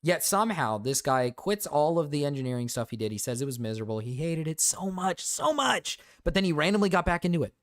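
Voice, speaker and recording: A man's voice: on the high side, big pitch swings, fast, hardly any pauses, dry recording, studio quality. Brief: male streamer, profane sarcastic reaction rant. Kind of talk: reaction commentary.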